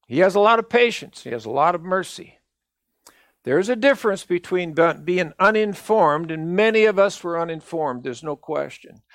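An older man, a minister, delivering a sermon in an earnest, measured and emphatic way. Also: fairly high pitch, a bit bright, no echo, clean studio sound.

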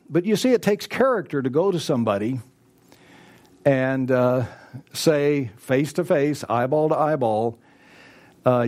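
With a medium pitch and a darkish tone, the pastor speaks in an animated, unhurried way. His sermon leans on emphatic repetition and acted-out exchanges of what people might say to one another.

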